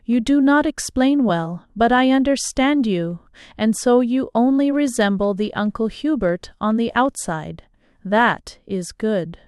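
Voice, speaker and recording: A woman voicing an alluring, teasing foreign lady who speaks slowly and lingeringly. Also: a little high, animated, darkish tone, clear, resonant tone, dry recording, clean studio sound. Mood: coaxing. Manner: slow, lingering, playfully seductive.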